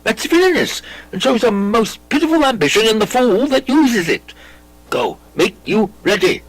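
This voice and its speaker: A man reading a classic play aloud, voicing a brooding, intense young prince with lively theatrical delivery. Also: high voice, moderate pace, no room sound, soft background music, voice pushed up, rough recording. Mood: instructing. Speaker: audiobook reader.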